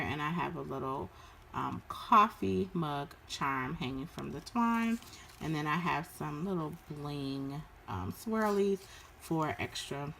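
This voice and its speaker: Low-voiced woman showing her crafts. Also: fairly bright tone, slight background noise. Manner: unhurried, with frequent ums and uhs. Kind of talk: casual show-and-tell narration.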